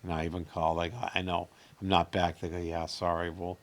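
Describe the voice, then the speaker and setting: A middle-aged comedian tells his stories in a lively, animated way. His voice is low and gravelly. He chats casually as a guest. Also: a little fast. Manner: animated joke telling with voice changes. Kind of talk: casual interview storytelling.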